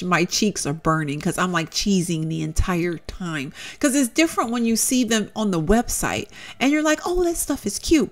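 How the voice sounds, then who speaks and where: A young woman talks casually over her game footage, gushing and chatty, with a lot of "y'all" and "girl" thrown in. Her mid-range voice swoops up and down in lively bursts of delight. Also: mid-range voice. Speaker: Sims content creator showcasing custom content. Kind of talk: casual gameplay commentary.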